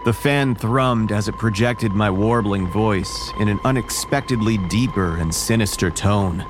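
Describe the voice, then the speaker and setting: A man narrating a first-person horror story in a measured, wary tone. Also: on the low side, background noise.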